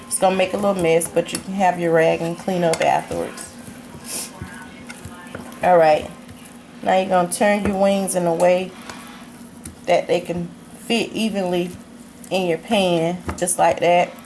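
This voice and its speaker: A woman's voice: on the low side, steady tone, measured pace, pauses often, darkish tone. A woman walking viewers through a home recipe in an easygoing, chatty way as she cooks in her kitchen. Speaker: home cook demonstrating a recipe. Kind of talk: casual cooking tutorial. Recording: noisy kitchen with clattering dishes and pans.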